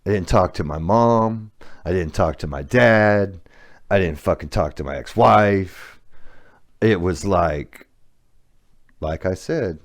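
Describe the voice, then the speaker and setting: Man, middle-aged, podcast host, candid story, profane, blunt, low-ish voice, unhurried.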